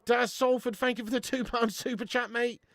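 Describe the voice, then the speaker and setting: A man's voice: very high voice, fairly even intonation, brisk, fairly bright tone, no echo. A young man hosting a live watch-along stream, bantering with viewers, swearing and laughing often. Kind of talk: live casual chat to viewers.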